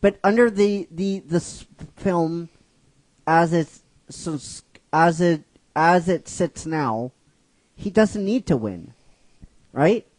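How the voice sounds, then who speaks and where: Man recapping his fan script casually, rambling and repetitive, slow, slightly high voice. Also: no room sound. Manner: rambling, keeps asking "right?"; animated, repeats himself. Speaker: fan script writer and narrator. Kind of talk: casual story retelling.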